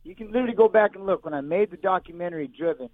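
A man tells a heavy personal story as a guest on a radio show, talking fast and circling back over his own words. He is a bit high-pitched for a man and sounds like he is calling in over a thin, tinny phone line. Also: no room sound. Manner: rambling, repeats himself, emotional. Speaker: guest fighter.

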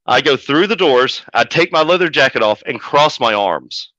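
A man who manages pro wrestlers, telling a story as a podcast guest in a profane, animated way. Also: medium pitch, normal speed, dry recording. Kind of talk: casual storytelling. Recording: dull lo-fi audio.

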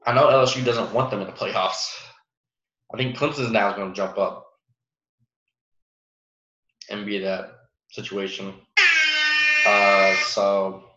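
A man's voice: on the low side, takes it slowly, long pauses, a bit bright. A young man hosting a casual solo sports podcast, rambling with lots of fillers and restarts and laughing at his own jokes. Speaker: podcast host. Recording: roomy, muffled home recording.

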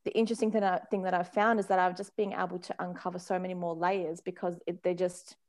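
A woman's voice: lowish voice, little pitch movement, quick pace, darkish tone. A woman in her thirties, a parenting consultant, chatting casually as a podcast guest, laughing often and acting out little quoted voices. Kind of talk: casual conversational chat.

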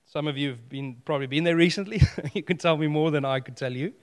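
A man preaching a sermon, animated and playful, telling stories with humor. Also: on the high side, fast talker, long reverb tail.

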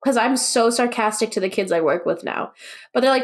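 A woman's voice: fairly high pitch, brisk. A young woman co-hosting a podcast, telling stories in a casual chat with a sarcastic streak and lots of "like". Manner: storytelling, sarcastic, says "like" a lot. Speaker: podcast co-host.

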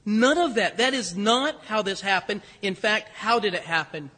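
A male pastor preaching a sermon with animated storytelling and conversational asides. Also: sits high, normal speed, husky. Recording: echoey hall with long reverb.

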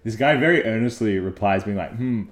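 A man in a relaxed, chatty podcast conversation, leaning on filler words. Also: fairly low pitch, a little fast, roomy sound. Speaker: podcast co-host. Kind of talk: casual chat.

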